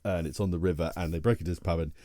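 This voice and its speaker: Low, mellow man telling a story. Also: steady tone, racing, a little hiss or hum. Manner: rambling anecdotal storytelling with frequent restarts. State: tired. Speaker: podcast co-host. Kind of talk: casual chat.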